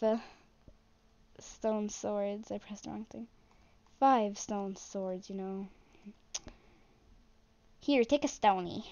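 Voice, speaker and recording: A young woman commenting on her own gameplay in a flat, self-deprecating way, muttering to herself as she plays. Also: medium pitch, muffled recording. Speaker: gaming channel host.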